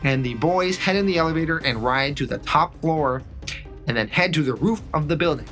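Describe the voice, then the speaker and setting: Man, casual comic recap, bright voice, faint music underneath. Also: a little high, fairly quick. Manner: loose, repeats "and then". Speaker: comic book reviewer.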